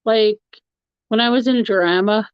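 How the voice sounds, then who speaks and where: Woman, live-stream host, easygoing rambler, unhurried delivery, dry lo-fi home recording. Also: fairly high pitch, clean tone, dry recording. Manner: chatty, rambling, laughs often. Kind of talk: casual chat answering a live chat. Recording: dull, lo-fi, dry sound.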